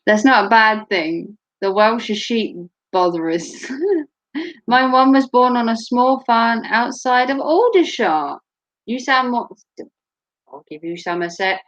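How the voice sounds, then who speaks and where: A woman's voice: on the high side, a little slow, fairly bright tone. A woman from Norfolk with a Norfolk English accent, hosting a casual chat in a blunt, joking way and laughing often. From Norfolk, England. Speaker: host. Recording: muffled lo-fi recording.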